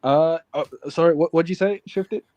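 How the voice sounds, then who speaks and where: A man's voice: on the high side, warm tone, no echo, dull audio. A man from England with an English accent, hosting a casual livestream chat and joking with his guest. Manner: joking, teasing, quick laughs. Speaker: livestream host.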